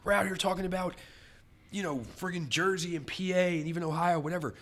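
A man hosting a podcast in casual chat, talking in animated, rambling, emphatic runs. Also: sits high, quick pace. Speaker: podcast host.

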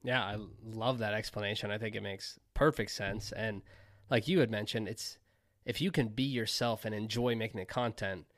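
A man's voice: lowish voice, normal speed, no echo, studio quality. A man hosting an interview, affirming his guest's answers before asking the next question. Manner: affirming, says "I love that" often. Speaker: podcast host.

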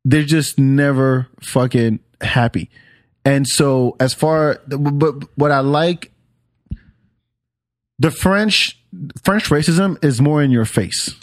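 Laid-back podcast host, dry close mic. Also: male voice, mid-range voice, slow, no echo. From Senegal. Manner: loose, profane banter. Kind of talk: casual podcast chat.

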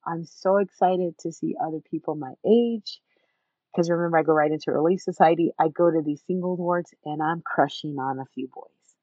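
A woman with a somewhat low voice tells her own story as an interview guest, emphatic and animated, slipping into the voices of the people she quotes. The sound is dull and lo-fi, with a dry, close feel and no room echo. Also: moderate pace. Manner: emphatic, animated, acts out other people's words.

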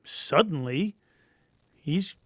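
A man's voice: fairly high pitch, animated, extremely slow, a bit bright, breathy edge, no room sound, clean studio sound. A man co-hosting a casual podcast, joking and enthusiastic, with lots of "like" in his speech. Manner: joking, enthusiastic, says "like" often. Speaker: podcast co-host.

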